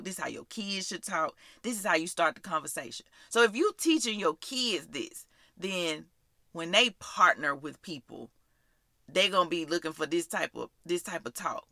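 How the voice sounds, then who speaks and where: Woman preaching on her podcast, bright voice that swoops all over, aave, dry close sound. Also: on the low side, normal speed, no echo. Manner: animated, call-and-response preaching with prayer. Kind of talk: devotional preaching vlog.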